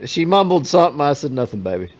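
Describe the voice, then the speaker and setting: A man's voice: on the high side, sing-song, fast talker, a little mellow, highs cut off. A man co-hosting a podcast, telling blunt, profane stories in casual chat. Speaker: podcast co-host.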